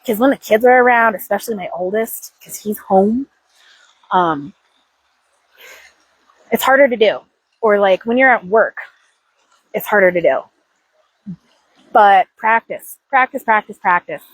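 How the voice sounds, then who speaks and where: Husky, candid woman talking to herself. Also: mid-range voice, animated, measured pace, long pauses, no room sound, poor audio. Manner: candid and swearing, talks to herself out loud. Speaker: host of a self-help live stream. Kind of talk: casual confessional chat.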